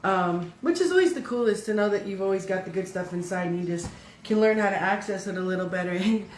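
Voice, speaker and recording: A woman hosting a wellness podcast, talking in an affectionate, soothing way as she leads listeners into a calming breathing exercise. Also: mid-range voice, fast talker, reverberant, slight background noise, rough recording. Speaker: podcast host.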